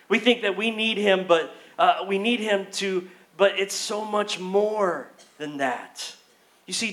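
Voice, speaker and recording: A man with a high voice preaching a sermon. He tells his story with feeling, dropping almost to a hush and then rising into excitement. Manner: storytelling, swings from hushed to excited. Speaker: pastor. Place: church.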